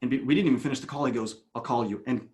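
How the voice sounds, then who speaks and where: A man in a podcast interview, a coach recounting a session at length. His voice sits mid-pitch, and he moves from quick excited bursts to quiet, hushed asides. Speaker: guest, coach.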